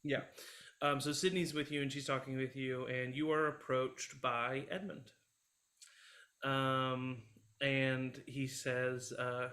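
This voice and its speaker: A man narrating as game master of a tabletop game, relaxed and laughing easily, with frequent fillers. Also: medium pitch, slow.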